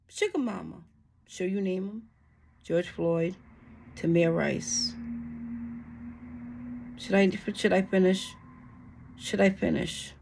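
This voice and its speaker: A woman's voice: fairly low pitch, takes it slowly, creaky, long pauses, a little mellow. A woman hosting her channel, reading a bill aloud and cursing at it in exasperated commentary, with frequent sighs and restarts. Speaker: channel host.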